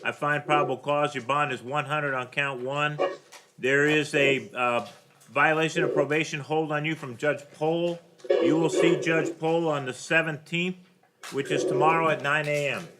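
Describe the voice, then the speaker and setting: A man presiding as judge over bond hearings in a courtroom, briskly and formally reading out charges and bond amounts. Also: a little high, steady tone. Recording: noisy courtroom recording.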